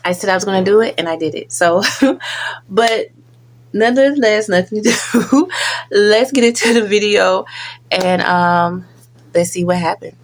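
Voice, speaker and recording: A woman's voice: medium pitch, measured pace. A woman hosting a reaction video, talking casually and earnestly warning her viewers.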